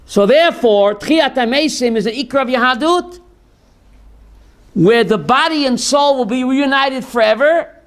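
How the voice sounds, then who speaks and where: Teaching a class on Jewish theology, a rabbi speaks at normal speed in a very high-pitched voice. His animated style includes call-and-response quizzing and acting out the voices he quotes.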